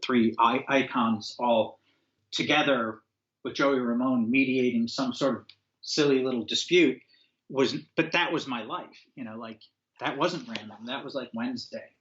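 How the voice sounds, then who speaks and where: A man's voice: medium pitch, measured pace. A man from upstate New York spins a long anecdote in easy, casual conversation. He acts out the voices of people in the story and leans on fillers. His voice sits mid-range, and the audio is dull and lo-fi. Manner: animated storyteller, acts out quotes, frequent fillers. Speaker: guest, former record label owner. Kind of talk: casual anecdote-telling interview.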